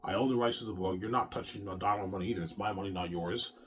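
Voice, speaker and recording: A man's voice: sits low, quick pace, slight background noise. A man talking straight to his viewers in a rambling, repetitive rant, often swearing and circling back to the same points. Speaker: self-published author and vlogger.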